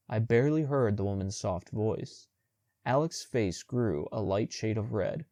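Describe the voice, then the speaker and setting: Man, audiobook narrator, first-person, measured, fairly low voice, dry studio sound. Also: animated, warm tone, dry recording.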